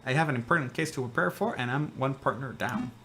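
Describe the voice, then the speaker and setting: A man's voice: medium pitch, quick pace, pushed and bright, slight background noise. A man voicing an anxious young male bird lawyer, reading game dialogue aloud with a worried, muttering manner.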